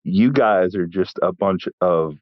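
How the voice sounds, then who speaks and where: A man from Texas, a chef telling stories in a casual interview with wry, deadpan humor and frequent restarts. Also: sits low, a little slow, no room sound, highs cut off. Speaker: chef and guest.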